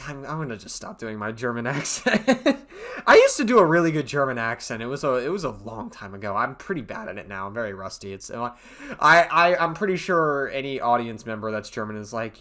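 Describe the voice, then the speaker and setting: Dude doing reaction commentary, crude jokey asides, mid-pitch voice, super casual. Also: male voice, animated, brisk, bright, forceful tone. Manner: crude, irreverent joking. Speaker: commentary youtuber.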